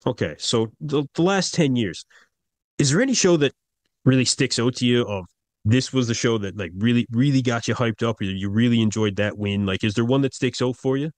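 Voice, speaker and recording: A man hosting a bodybuilding interview, asking questions and encouraging his guest with quick agreement. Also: mid-range voice, darkish tone, dry recording. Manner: encouraging, frequent yeah yeah backchannels. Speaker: podcast host.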